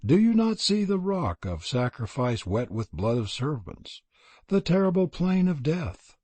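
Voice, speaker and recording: A man reading a storybook, voicing a resigned young serpent prince in an earnest, solemn way with a husky voice. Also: a little high, very animated, measured pace, dark tone, dry recording, voice pushed up.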